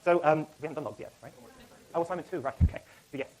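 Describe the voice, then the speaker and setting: A middle-aged man, a university lecturer, giving class announcements in a lecture hall, talking rapidly with many fillers and self-corrections. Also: on the high side, a little mellow.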